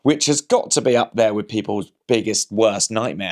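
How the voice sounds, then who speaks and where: With a lowish voice at a moderate pace, a male comedian who hosts a vlog rambles casually to the camera, wry and full of anecdotes, talking himself through hypotheticals and frequently restarting sentences.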